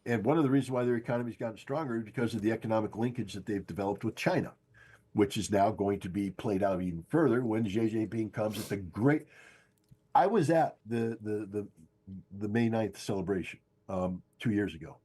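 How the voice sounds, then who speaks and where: Emphatic older man with a husky low voice. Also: a little fast, dark tone. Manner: emphatic, insistent, repeats key phrases. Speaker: guest analyst. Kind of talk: political commentary on a podcast stream.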